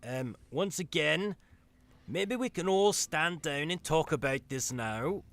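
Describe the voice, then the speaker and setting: A man's voice: on the high side, animated, slow, fairly bright tone. A man playing a tabletop game, asking hesitant questions. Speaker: player. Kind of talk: casual tabletop play.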